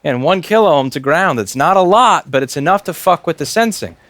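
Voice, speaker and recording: A man's voice: a little high, animated, a little fast, fairly bright tone, no echo. A man in a repair workshop, explaining a circuit board fix live in a wry, profane way and talking to himself as he works. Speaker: repair technician.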